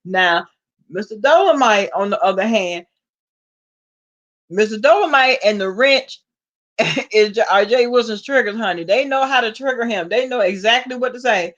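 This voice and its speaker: A sassy woman with a Southern US accent tells stories casually, animated and quick to laugh. Her voice sits a little high. The recording is dull and lo-fi. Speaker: vlogger. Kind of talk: casual storytelling.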